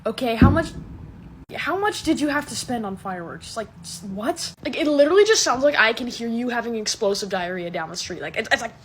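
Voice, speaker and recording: A young woman doing a sarcastic, exasperated comic monologue to a phone camera, swinging from loud outbursts to mumbled asides. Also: fairly high pitch, lively intonation, quick pace, few pauses, background noise. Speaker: comedy TikTok creator.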